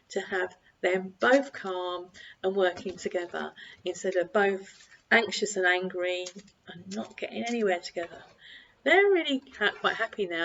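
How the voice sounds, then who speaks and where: Older lady parenting coach talking to camera, calm and steady, bit dull lo-fi sound. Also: mid-range voice. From United Kingdom. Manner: calm, repetitive, acts out quoted dialogue. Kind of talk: direct-to-camera advice talk. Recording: slightly dull lo-fi recording.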